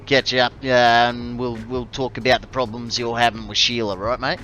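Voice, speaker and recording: Man doing a laid-back bush Aussie bloke, broad rural accent, drawling mateyness, bright tone. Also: medium pitch, flat delivery, moderate pace, highs cut off, slight background noise, lightly acted. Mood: matey. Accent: broad rural Australian.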